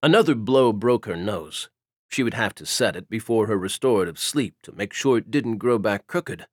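An audiobook narrator reads a scripted story in a steady, even manner. His voice is lowish and his pace moderate, captured in studio quality with no echo.

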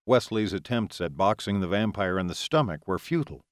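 A man with a fairly low voice reads a story aloud with lots of rise and fall. His delivery is dramatic and expressive. The recording is dry and close, with no room sound. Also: a little fast, no echo. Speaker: audiobook narrator. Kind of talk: scripted narration.

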